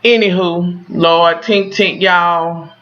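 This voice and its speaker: Talking straight to the camera, a woman recaps a TV episode for her viewers in an animated, casual way that's dramatic and profane. Her voice is on the low side, steady and slow, and the highs are cut off.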